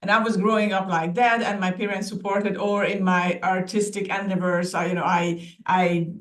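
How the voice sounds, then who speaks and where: A woman artist tells her story as a podcast guest, speaking warmly, laughing easily and restarting her sentences now and then. Her voice sits at a middle pitch. The recording has a noticeably roomy, echoey sound. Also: level tone, moderate pace, far from the mic. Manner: warm, laughing easily, talks with small restarts. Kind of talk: casual interview chat.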